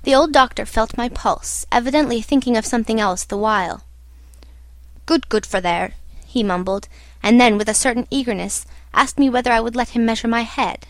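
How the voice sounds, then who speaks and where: A woman giving a measured, literary audiobook narration. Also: on the high side, no room sound.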